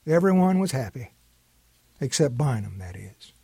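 A man telling a story in a calm, homespun way. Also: mid-range voice, moderate pace, gravelly, breathy edge, dry recording. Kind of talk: storytelling narration.

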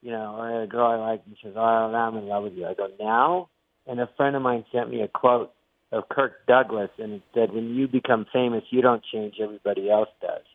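A man's voice: lowish voice, a little fast, no room sound. Older man on a tinny phone line. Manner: animated, acts out quotes and voices. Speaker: guest comedian. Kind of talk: interview storytelling.

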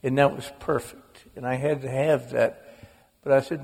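A man's voice: mid-range voice, fairly even intonation, normal speed, vocal fry, darkish tone, husky. A man, an author telling wry, humorous stories on stage before a live audience. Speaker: author guest. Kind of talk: storytelling on stage. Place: large auditorium with live audience. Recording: long echo of a big auditorium.

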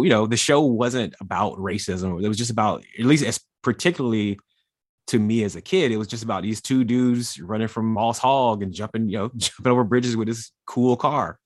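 A man from the American South recounts a childhood memory in a loose, casual way. His voice is a little low and the sound is dry. He leans on fillers as he talks. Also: no room sound. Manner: casual, frequent fillers like "like" and "you know". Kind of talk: personal storytelling.

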